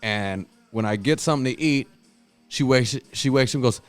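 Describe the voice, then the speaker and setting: A man hosting a podcast, telling stories in casual chat, swearing a lot and loudly acting out what people said. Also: mid-range voice, animated, brisk, no room sound, faint music behind. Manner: profane, storytelling, acts out quotes loudly. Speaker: podcast host.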